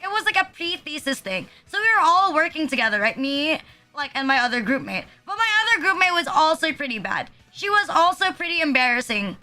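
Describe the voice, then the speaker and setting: A woman's voice: high-pitched, big pitch swings, a little fast, sharp tone. A young woman, ranting casually as a streamer, filling her talk with "like" and swearing. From Philippines. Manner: ranting, heavy use of "like", profane. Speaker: VTuber streamer. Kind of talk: casual chat. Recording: music playing behind.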